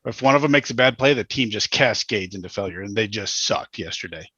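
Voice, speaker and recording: A man's voice: fairly low pitch, lively intonation, a little fast, sharp tone, slightly rough, dry recording, dull audio. A man in his thirties co-hosting a podcast, chatting casually and telling stories bluntly, with restarts. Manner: blunt, storytelling, rambling with restarts. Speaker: podcast co-host. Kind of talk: casual chat.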